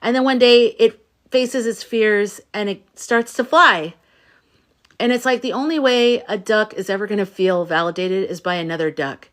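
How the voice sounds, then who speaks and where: This livestream host, a middle-aged spiritual coach, rambles playfully to her audience and drops the occasional swear word. She speaks at a moderate pace with a medium-pitched voice.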